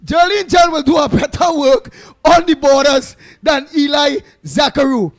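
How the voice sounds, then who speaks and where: A man with a Trinidadian accent acting out a loud, blustering man who shouts complaints about guarding the borders. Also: very high-pitched, moderate pace. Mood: ranting.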